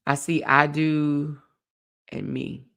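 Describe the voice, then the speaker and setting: A woman's voice: sits low, level tone, slow, vocal fry, a bit bright. A woman, chatting casually and laughing with viewers on a livestream. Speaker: livestream host.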